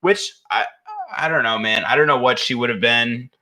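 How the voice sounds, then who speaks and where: A young man co-hosting a podcast, chatting casually in a rambling, profane way with halting restarts. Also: mid-range voice, sharp tone. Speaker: podcast co-host. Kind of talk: casual crude chat.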